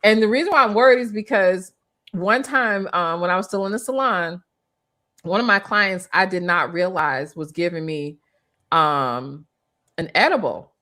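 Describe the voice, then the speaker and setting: A middle-aged woman with a lowish voice speaks at a normal pace in a casual interview. A former hairstylist, she tells a story animatedly, restarting often and acting out the voices of people she quotes.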